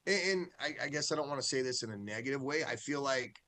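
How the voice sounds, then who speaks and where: A man's voice: mid-range voice, fast, sharp tone. Football coach guy chatting on a sports show, average voice, candid, rambles a bit, lots of "right?". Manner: candid, loose, self-correcting, says "right?" often. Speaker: high school football coach. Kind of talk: casual sports interview.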